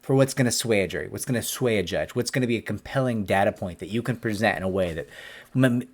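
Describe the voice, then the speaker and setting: A man in his forties, an employment attorney, answering a viewer's question in a casual, animated talk to camera. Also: fairly low pitch, quick pace. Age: 40s. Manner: animated, conversational, acts out quotes.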